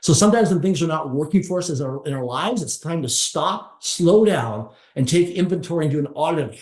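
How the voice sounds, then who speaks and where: A middle-aged man pitched a little high tells a motivational story as an interview guest. He talks emphatically, piling up short repeated phrases. The recording has a roomy echo around his voice. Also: expressive, a little fast, few pauses, a little mellow. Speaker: podcast guest.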